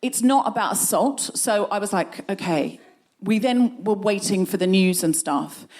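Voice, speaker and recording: A middle-aged woman spinning a comic anecdote as a podcast host. Her voice sits in a middle register but jumps up sharply whenever outrage creeps in, and she moves briskly through the tale. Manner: animated, voice climbs high when indignant. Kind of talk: live comic storytelling.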